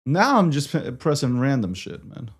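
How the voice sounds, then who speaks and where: A man's voice: mid-range voice, very animated, moderate pace, breathy edge. A man hosting a live stream, frustrated and swearing, repeating himself as he struggles with his setup. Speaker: livestream host.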